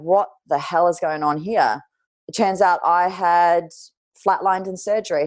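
Low-voiced woman telling her story. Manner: candid, casual, swears lightly. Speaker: guest. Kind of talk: emotional personal storytelling.

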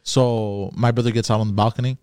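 A man on a casual comedy podcast who tells his stories in a rambling way, with frequent pauses and restarts. His voice is mid-pitched and close and dry. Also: steady tone, a little mellow, clean tone, dry recording. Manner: rambling, halting storyteller. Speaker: podcast co-host.

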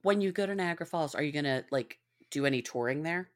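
A woman's voice: sits low, expressive, fast talker. A middle-aged woman guest on a podcast, chatting casually with dry humor and laughing along. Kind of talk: casual chat.

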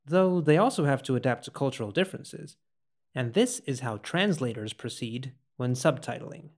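A man hosting a podcast, narrating from a script in a clear, explanatory way. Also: mid-range voice, expressive, moderate pace. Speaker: podcast host.

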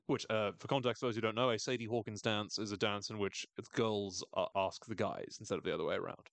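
A man with a fairly low voice recaps a TV episode in casual, wry chat and laughs often. He sounds close and dry, with no room in the sound. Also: steady tone, fairly quick, creaky, fairly bright tone, dry recording. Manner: wry, chatty, laughs often, quotes characters in funny voices. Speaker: podcast host recapping a TV episode.

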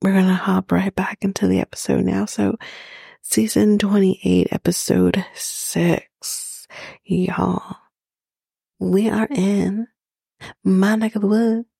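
Woman from Canada, solo podcast host, slow chatty recap, gravelly husky voice, dry sound. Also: medium pitch, level tone, mellow, no room sound. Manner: chatty, swears, frequent fillers and asides.

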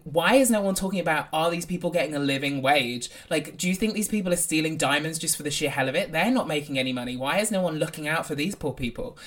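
A woman co-hosting a casual film podcast, animated and opinionated. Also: deep voice. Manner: animated, opinionated, quick asides. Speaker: podcast co-host.

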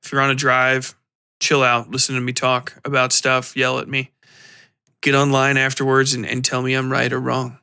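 Man, podcast host, rambling casual chat, bright voice, dry sound. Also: medium pitch, completely flat delivery, normal speed, creaky, smooth, no room sound. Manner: rambling, with fillers and self-conscious laughs.

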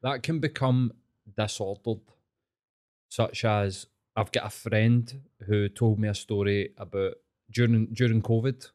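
A man's voice: on the low side, mellow. A man, a guest on a podcast, explaining ideas thoughtfully in casual chat.

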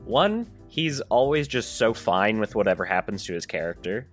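Low-voiced man explaining calmly. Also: moderate pace, soft background music. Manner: calm and explanatory. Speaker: game master and podcast co-host. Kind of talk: casual podcast chat.

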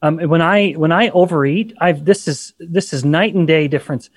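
A man with a fairly high voice speaks on a podcast with emphasis and humor. He gets animated as he makes his points. The sound is dry and close, with no room echo. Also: moderate pace. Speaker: podcast co-host. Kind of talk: casual podcast discussion.

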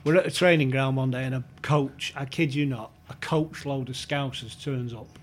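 With slight background noise behind him, a male podcast guest speaks at normal speed in a medium-pitched voice. He's spinning a funny football yarn, acting out the dialogue and laughing often.

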